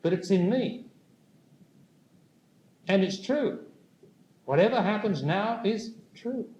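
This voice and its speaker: A man giving a spiritual talk to a live audience, speaking slowly and deliberately and putting questions to the listeners. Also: high voice, expressive, darkish tone. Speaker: spiritual teacher. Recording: echoey room with faint noise.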